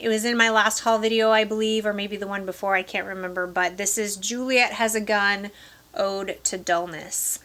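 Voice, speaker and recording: A woman's voice: mid-range voice, pushed and bright. A woman from Michigan's Upper Peninsula with a light Yooper accent, chatting casually to camera about perfumes she has been wearing. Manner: chatty, enthusiastic, addresses viewers directly. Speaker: perfume vlogger. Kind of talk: casual product review to camera.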